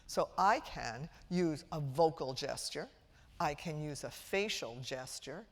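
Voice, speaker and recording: Middle-aged female lecturer, Brooklyn-raised, low voice, theatrical and witty with the crowd, reverberant auditorium. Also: lively intonation, slow. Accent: trained-out Brooklyn New York. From Brooklyn, New York. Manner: theatrical, engages the audience with questions and humor. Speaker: speech-language pathologist giving a lecture. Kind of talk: public lecture to parents. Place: large auditorium before a live audience. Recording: lecture hall with long reverb.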